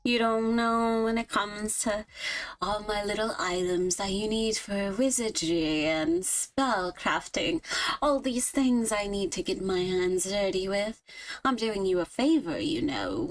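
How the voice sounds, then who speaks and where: A woman voicing a tall, dramatic satyr wizard who talks in a wheedling, evasive way. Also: medium pitch.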